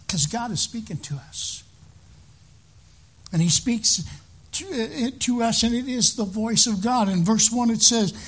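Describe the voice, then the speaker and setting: A man's voice: very high voice, normal speed, breathy edge. A man preaching a sermon as pastor, talking to the congregation and often repeating words and restarting phrases.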